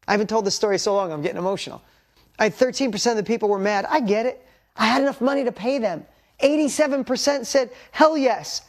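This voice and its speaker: A middle-aged man giving a motivational talk to an audience, telling a candid story of failure and building to emphatic lessons, at times choked with emotion. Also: sits high. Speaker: motivational speaker.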